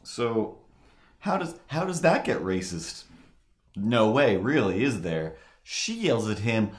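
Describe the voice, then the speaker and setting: A man livestreaming while he draws, telling a rambling story in a casual, animated way. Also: on the low side, slow pace, reverberant. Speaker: streamer drawing live.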